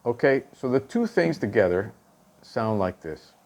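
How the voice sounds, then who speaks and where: A man's voice: mid-range voice, very animated, a little slow, a little mellow. A male drum instructor explaining stick technique, counting and calling out stickings and checking in with "okay?" after each point. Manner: counts and calls out stickings aloud.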